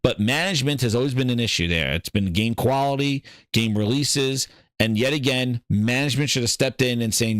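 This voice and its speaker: A man's voice: mid-range voice, fairly quick, few pauses, no echo. Casting: male podcast host, heated gaming rant, dry close sound. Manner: ranting, animated, repeats himself. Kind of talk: casual gaming commentary.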